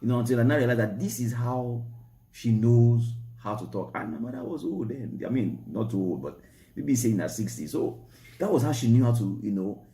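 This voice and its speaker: A man co-hosting a marriage Q&A show, explaining in a relaxed, repetitive way that stresses key points. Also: mid-range voice, a little fast, roomy sound. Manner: repetitive, emphatic, explaining step by step. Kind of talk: relaxed advice talk.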